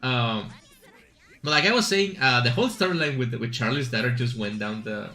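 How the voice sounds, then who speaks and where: A man's voice: mid-range voice, normal speed, bright, forceful tone. A man streaming a game, chatting casually and rambling with asides and fillers as he plays. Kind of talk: casual chat while gaming.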